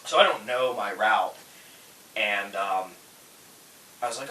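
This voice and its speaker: A man casually telling stories on a podcast, acting out quoted people with loud, animated bursts. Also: fairly low pitch, normal speed, pauses often. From Florida. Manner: animated, acts out quotes loudly. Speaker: podcast host, tool truck dealer. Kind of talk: casual storytelling chat. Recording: echoey room, distant mic, faint hiss.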